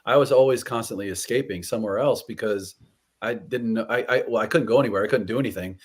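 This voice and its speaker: A man's voice: on the low side, fast talker, husky. Joking upbeat man guest. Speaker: podcast guest, actor. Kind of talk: casual interview chat.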